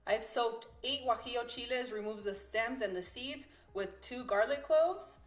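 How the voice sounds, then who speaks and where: A woman's voice: on the high side, a little slow. Chatty Texan woman teaching home cooking. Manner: chatty, easygoing step-by-step instruction with soft laughs. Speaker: cooking channel host and mother. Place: home kitchen.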